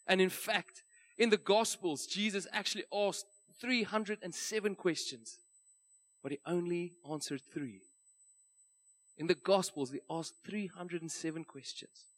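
Casting: South African male pastor, slightly higher voice, chatty sermon storyteller in a church. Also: unhurried. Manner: conversational storytelling, light laughs.

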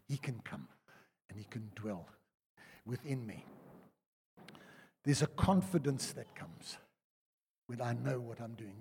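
An older South African man preaching a sermon, telling personal stories in a chatty way that swings between loud and hushed. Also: mid-range voice, slightly rough. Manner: conversational storytelling, lively swings from loud to hushed. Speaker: pastor. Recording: reverberant church hall.

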